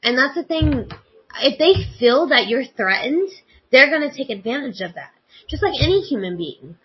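A woman's voice: high voice, moderate pace, slightly rough, dull audio. A woman in casual conversation, animatedly telling a family story and acting out the dialogue. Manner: animated, acts out quoted dialogue.

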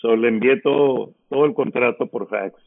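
Fast-talking and gravelly, with a mid-range voice, a middle-aged radio DJ from San Antonio, Texas tells casual stories as an interview guest. He's a lively storyteller who performs the other people's lines, heard through narrow, phone-like audio.

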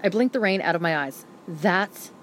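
A woman reads a first-person novel aloud as an audiobook narrator. Her telling is brisk and vivid, in a voice a little low for a woman. A faint hiss sits behind the recording. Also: lively intonation.

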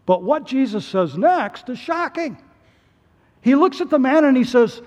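A male pastor delivering a sermon in an animated way, his voice rising to emphatic peaks. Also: extremely high pitch, a little slow, muffled recording. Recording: long hall reverb.

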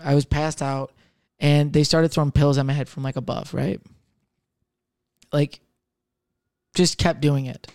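This young man's voice is a little high and gravelly, yet clear and resonant, captured in a dry, studio-quality recording. Chatting casually on a podcast, he rambles and swears through personal stories, full of filler words.

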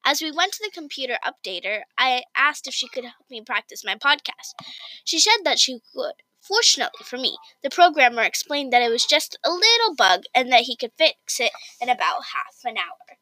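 High, animated woman reading a story. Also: normal speed, no echo, rough recording. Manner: expressive, excited storytelling. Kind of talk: reading a story aloud in first person.

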